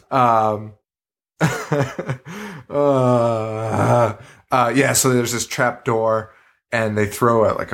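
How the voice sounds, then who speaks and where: A man's voice: lowish voice, vocal fry. A man co-hosting a podcast, chatting casually about a horror movie and swearing freely as he retells scenes. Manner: profane, animated storytelling. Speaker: podcast co-host.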